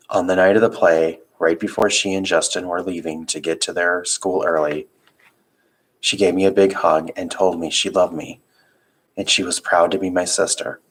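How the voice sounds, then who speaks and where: A man reading a children's novel aloud, narrating in a calm, steady first-person voice. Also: deep voice, breathy edge, poor audio. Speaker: reader.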